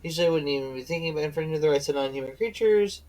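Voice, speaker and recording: A man's voice: on the high side, rapid-fire, a little mellow, soft background music, rough recording. A tired man streaming a game, reading its dialogue aloud with slips and self-corrections, breaking off to chat and yawning.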